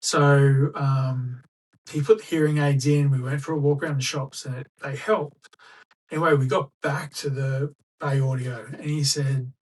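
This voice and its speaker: A man's voice: medium pitch, level tone, moderate pace, distant mic, low-quality recording. A middle-aged Australian man telling a personal story as a podcast guest, chatty and anecdotal, acting out what people said. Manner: chatty anecdotal, acts out quoted dialogue. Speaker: guest, school staff member. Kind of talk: casual storytelling in a podcast interview.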